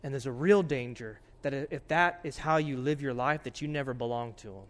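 A man preaching a sermon as pastor, earnest, swinging between loud urgency and hushed warnings. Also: mid-range voice, a little fast, few pauses.

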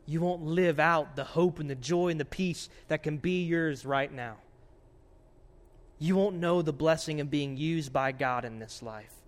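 A man preaching a sermon as pastor, earnest, swinging between loud urgency and hushed warnings. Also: fairly high pitch, measured pace.

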